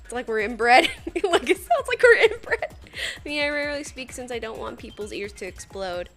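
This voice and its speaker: A woman's voice: a little high, sing-song, moderate pace, a bit bright, soft background music. A woman with a Saskatchewan accent, chatting casually on a game stream, giggling often and swearing casually. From Saskatchewan, Canada. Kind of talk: casual gaming stream chat.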